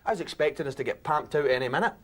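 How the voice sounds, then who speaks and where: In a theatre monologue, a young Scottish-accented man tells a comic story in character, acting out the other voices. He is chatty and self-mocking, talking very fast in a fairly high, slightly bright voice.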